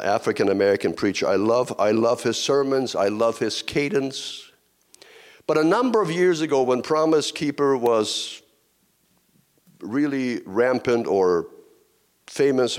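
A middle-aged male pastor preaching a sermon in a conversational way, with asides, restarts and repeated phrases. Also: fairly high pitch.

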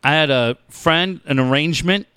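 A middle-aged man hosting a talk show, telling stories in a profane, animated way and acting out the people in them. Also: fairly high pitch, normal speed, clear, resonant tone, no room sound. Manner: profane, animated storytelling with acted-out voices. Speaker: radio show host. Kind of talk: casual storytelling chat.

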